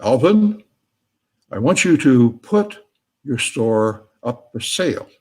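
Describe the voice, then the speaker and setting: A man voicing a booming, commanding God who gives orders in a joke. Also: moderate pace, breathy edge. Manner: loud, insistent orders.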